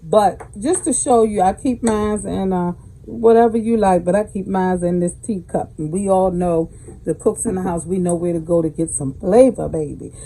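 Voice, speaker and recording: A woman's voice: fairly low pitch, moderate pace, mellow, rough recording. A woman with a Southern American accent hosting a home cooking tutorial in her kitchen, chatting folksily and calling her viewers baby. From Southern United States. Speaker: cooking channel host.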